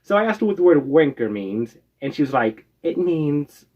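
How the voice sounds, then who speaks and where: In a mid-range, sing-song voice that's fairly quick and a little mellow, an American storyteller reminisces casually about his past. His talk wanders, peppered with "uh" and a recurring "right?". The sound is dull and lo-fi.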